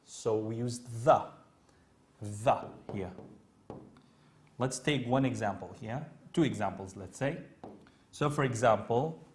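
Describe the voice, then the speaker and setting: A Kurdish-accented man who speaks Kurdish natively gives an English grammar lesson, explaining slowly and repeatedly, step by step, and often asking "okay?". His voice is medium-pitched, and a little hiss or hum can be heard.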